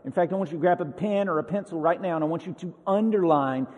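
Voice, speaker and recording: Conversational preacher in a reverberant hall. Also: male voice, on the high side, fast talker. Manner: conversational, emphatic, paraphrases scripture in lively voices. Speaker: pastor. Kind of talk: sermon.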